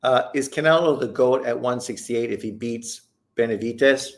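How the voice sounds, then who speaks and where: A man's voice: mid-range voice, normal speed. Host, male, from Canada. Blunt, swears freely, opinionated, casual live-stream chat, mid-range voice.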